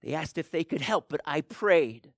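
A man performing a dramatic first-person monologue, swinging between hushed whispers and anguished cries. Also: a little high, expressive, normal speed, creaky, dry recording, studio quality. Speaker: storyteller.

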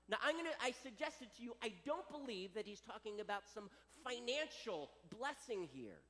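A man preaches a sermon with a high, lively voice that swoops up and down. He delivers it with dramatic flair in a hall with a long echo. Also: fairly quick, hardly any pauses. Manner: animated, dramatic preaching with acted quotes. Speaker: pastor.

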